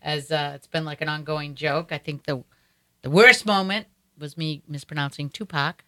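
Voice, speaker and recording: Host: woman, Boston accent, bright forward voice, rambling chatty delivery, fillers and restarts. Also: low-pitched, fairly even intonation, normal speed. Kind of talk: casual interview chat.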